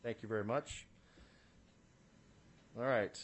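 A man's voice: fairly low pitch, fairly even intonation, slow pace, husky. A man chairing a formal legislative committee hearing from a committee room. He is procedural and businesslike, with many "uh" fillers and the odd dry aside. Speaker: state senate committee chair.

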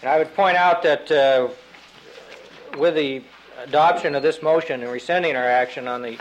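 Halting male lawmaker on the floor. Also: on the high side, slight background noise, rough recording. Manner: halting and deliberate, many fillers and restarts. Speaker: state representative. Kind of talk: floor debate. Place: legislative chamber.

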